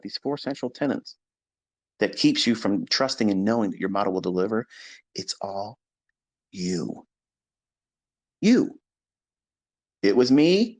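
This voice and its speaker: A man as a trading mentor, lecturing his followers in a live audio room in a blunt, profane way, dropping low and quiet, then rising loud and high.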